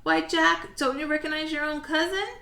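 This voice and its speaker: A mischievous boy cousin who teases and then hurries off, as a woman reading aloud puts him on. The voice is bright and forceful, in a roomy, echoey space. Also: high-pitched, level tone, pitched above the performer's own voice. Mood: teasing. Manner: teasing, hurried. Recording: roomy echo.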